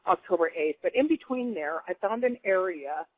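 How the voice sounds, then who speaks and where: A woman from the Pacific Northwest, telling stories in casual chat as a caller, animated and laughing often. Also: lowish voice, normal speed, a little hiss or hum. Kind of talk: casual storytelling. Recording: tinny phone line, dry.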